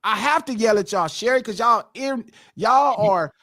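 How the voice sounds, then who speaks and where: A middle-aged man hosts a live podcast in a heated, profane lecture. His voice sits high and leaps up and down with great animation. The sound is dry and close. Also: expressive, normal speed, fairly bright tone, no room sound. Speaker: podcast host.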